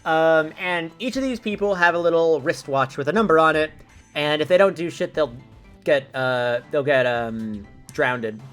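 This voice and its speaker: A man's voice: on the high side, moderate pace, fairly bright tone, smooth, faint music behind. A young man streaming a video game, chatting casually with his viewers in a rambling way with lots of fillers. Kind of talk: casual let's-play commentary.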